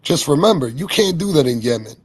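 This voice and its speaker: A man's voice: a little high, expressive, a little fast, breathy edge. Rambling man in a live audio chat. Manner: rambling, repeats words, swears. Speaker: speaker in an online audio room. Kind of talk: casual heated chat.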